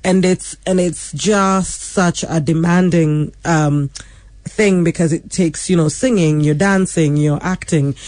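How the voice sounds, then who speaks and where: A woman's voice: lowish voice, steady tone, slow pace, darkish tone, no room sound. A woman in her thirties being interviewed as a stage actress in a radio studio, thoughtful and articulate with light laughs. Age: 30s. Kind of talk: casual interview chat.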